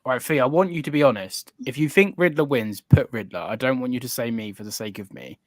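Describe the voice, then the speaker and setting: A man's voice: medium pitch, quick pace, dry recording. Podcast co-host guy, cocky and mock-outraged, swears constantly, dry close sound. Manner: boastful, playfully indignant, swears a lot. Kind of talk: casual chat.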